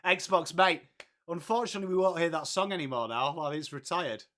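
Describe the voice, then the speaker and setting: An Englishman in his late thirties hosts a live stream with a high-pitched, bright, forward voice and a brisk delivery. Loose and chatty, he greets viewers by name and calls everyone mate.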